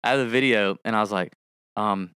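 A man's voice: lowish voice, a little fast, clean tone, no room sound, studio quality. A man co-hosting a casual podcast, reading an ad and joking around with his co-host, bursting into song impressions. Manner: animated, breaks into rapping and song impressions. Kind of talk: casual podcast chat with ad read.

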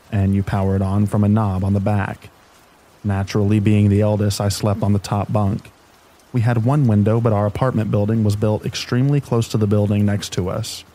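Male narrator for bedtime horror stories, deep and dark-toned, reading calmly over rain. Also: rough recording. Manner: calm, even sleep-story reading. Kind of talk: scripted narration of scary stories.

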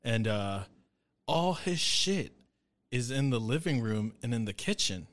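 A man's voice: medium pitch, sing-song, a little slow. A young man co-hosting a podcast, telling a story in a rambling, casual and profane way. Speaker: podcast co-host. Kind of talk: casual chat.

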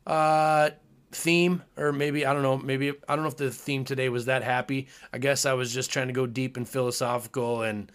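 A man's voice: mid-range voice, fairly bright tone, clean tone. A man hosting his own podcast, talking in a casual, earnest, musing way with frequent fillers. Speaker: podcast host. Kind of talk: casual solo podcast talk.

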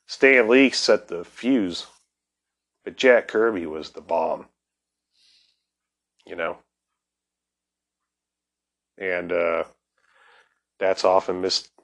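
A man hosting a casual podcast, telling comics history in a loose, profane, excitable way that is often broken by laughter. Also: deep voice, creaky. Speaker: podcast host.

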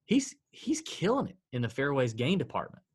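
A man's voice: mid-range voice, huge pitch swings, normal speed, slightly rough. A man co-hosting a casual podcast, reeling off stats with sighs and dry self-mockery. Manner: stat-heavy, sighing, self-deprecating. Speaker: podcast co-host. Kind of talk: casual sports betting chat.

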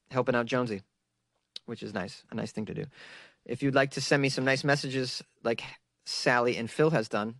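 A man hosting his own comedy news podcast, chatting casually and mocking himself with quick asides to listeners. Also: medium pitch, fairly bright tone, dry recording, clean studio sound. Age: adult, working full-time. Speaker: podcast host.

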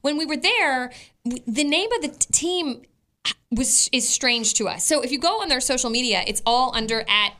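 A woman's voice: sits high, animated, normal speed, bright, forceful tone. A middle-aged woman, co-hosting a morning radio show in chatty, easily laughing banter.

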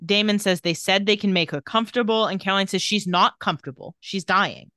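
Speaking a little fast in a mid-range voice, this woman recaps a TV episode as a podcast co-host. In a casual, animated way, she retells scenes and quotes what the characters said, captured in studio quality with no echo.

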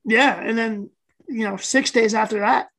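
Gravelly-voiced excitable woman podcaster. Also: on the high side, a little slow, poor audio. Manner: excitable, talks over her co-host. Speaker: podcast co-host. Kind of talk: casual sports chat.

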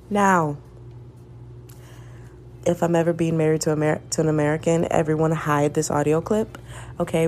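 Deep and dark in tone, a young woman's voice carries a Southern US accent over slight background noise. She's a podcaster in her twenties chatting alone, rambling candidly while she swears and laughs.

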